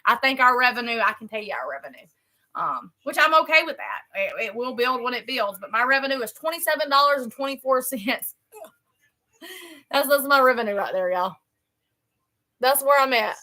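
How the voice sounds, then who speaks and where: A woman's voice: high voice, lively intonation, moderate pace, long pauses, bright, forceful tone. A woman hosting a live stream at home, chatting in a folksy, repetitive way and calling her viewers "y'all". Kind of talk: casual live-stream chat. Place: home, a trailer.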